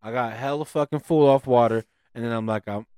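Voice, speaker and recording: A man telling a profane, animated story in casual chat on a podcast. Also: medium pitch, fairly quick, smooth, no room sound, clean studio sound.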